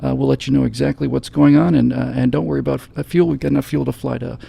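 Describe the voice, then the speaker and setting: A man putting on the voice of a calm, reassuring male airline pilot making a cabin announcement. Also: mid-range voice, no room sound. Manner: smooth, folksy, unhurried reassurance.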